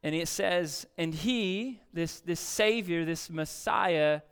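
A man's voice: a little high, takes it slowly, clear, resonant tone, faint music behind. A man preaching a sermon as a pastor, reading scripture emphatically and asking the congregation questions.

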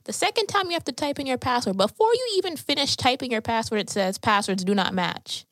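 A young woman co-hosting a podcast, talking in a casual, animated way and telling stories expressively. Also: sits high, dry recording. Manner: animated storytelling, quick and expressive. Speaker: podcast co-host. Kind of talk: casual chat.

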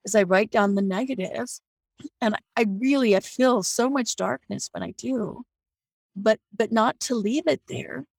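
Gravelly, husky woman on a video call. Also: fairly high pitch, unhurried, dry recording, poor audio. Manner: earnest, reflective, with frequent restarts. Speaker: guest on a faith discussion call. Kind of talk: casual faith sharing. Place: home near an air base.

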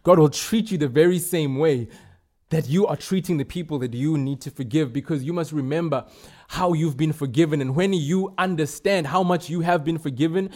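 A man delivers a sermon in a mellow, warm voice that sits a little high for a man. He preaches emphatically, repeating his key lines, with fillers and restarts along the way. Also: normal speed.

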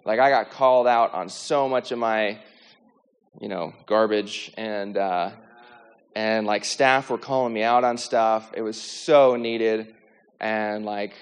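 A man telling a personal faith testimony in a lively, animated way, acting out the dialogue and using lots of filler words. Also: fairly low pitch, slow pace, smooth. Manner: lively, acts out quoted dialogue, many "like" fillers. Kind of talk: animated storytelling. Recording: long hall reverb.

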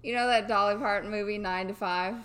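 A woman co-hosting a podcast in casual chat, adding quick teasing interjections. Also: mid-range voice, steady tone, fairly bright tone. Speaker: podcast co-host.

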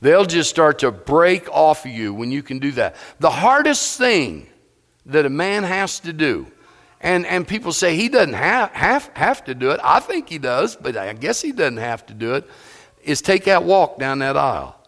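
A pastor preaching a sermon, emphatic and repetitive, often asking the congregation questions. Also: male voice, a little high, very animated, moderate pace, a bit bright, long reverb tail. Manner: emphatic, repeats phrases, asks the congregation questions.

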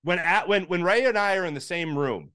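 A man from Philadelphia spins a backstage sports story with a bright, forceful voice that sits a little high for a man. He jumps up in pitch whenever he acts out someone else's lines. The room is dry, with the mic close. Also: animated, a little fast, smooth, no room sound. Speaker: podcast guest, sports broadcaster. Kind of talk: casual storytelling chat.

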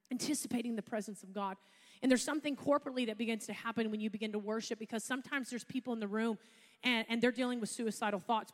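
A woman's voice: a little high, long reverb tail. A woman pastor, preaching a sermon in a chatty storytelling way with asides.

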